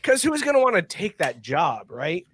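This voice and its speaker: A man's voice: high voice, wildly swooping pitch, normal speed, a bit bright, slight background noise. A man hosting a casual sports podcast, teasing his co-hosts and keeping the segments moving. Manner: teasing, pushes the show along. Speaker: podcast host.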